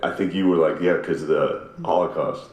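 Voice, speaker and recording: A man's voice: very deep voice, steady tone, a little fast, darkish tone, reverberant, a little hiss or hum. A man guesting on a podcast, telling stories in a laid-back, profane way and laughing through them. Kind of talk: casual podcast chat.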